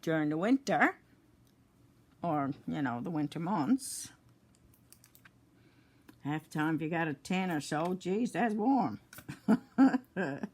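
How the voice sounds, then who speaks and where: An older woman talks her viewers through a craft project at home. She speaks slowly and a little low, sounding tired between yawns. Her talk is chatty and rambling, and she is picked up by a phone camera. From Newfoundland, Canada. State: tired, yawning. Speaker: crafting vlogger. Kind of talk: casual chat while crafting.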